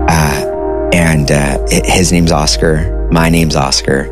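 A man's voice: a bass voice, fairly even intonation, slow, over loud music. A man in his thirties casually telling a personal story, with a conversational manner full of "like" and "dude". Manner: conversational, uses filler like "like" and "dude".

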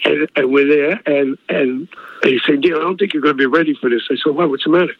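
An older man, a singer, tells stories in an interview, his voice on the high side and quick. He acts out the quoted dialogue with animation and chuckles often. The radio audio is dry and slightly dull.

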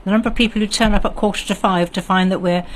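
An older woman from the West Country of England, with a standard southern English accent, chatting warmly and self-deprecatingly as a radio guest in the studio. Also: medium pitch, fairly even intonation, rapid-fire, a little hiss or hum. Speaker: radio guest, garden club secretary. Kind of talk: radio chat.

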